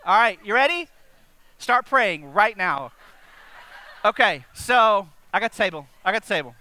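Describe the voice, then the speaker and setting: Animated high-voiced male preacher. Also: moderate pace, smooth. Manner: animated, direct, asks the congregation questions. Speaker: pastor. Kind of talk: sermon.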